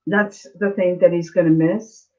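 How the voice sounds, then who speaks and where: A woman hosting a live-stream spiritual reading as a psychic, speaking tenderly and emotionally, halting and repeating herself with many fillers. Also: lowish voice, steady tone, a little mellow. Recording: slightly muffled lo-fi stream audio.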